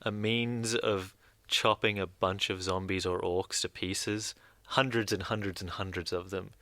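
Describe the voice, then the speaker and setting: Man, co-host, low pitch, dry studio sound, emphatic, casual game talk. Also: fairly even intonation, measured pace, sharp tone, no echo. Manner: emphatic, repeats words for effect. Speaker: podcast co-host. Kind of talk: casual game review chat. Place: radio studio.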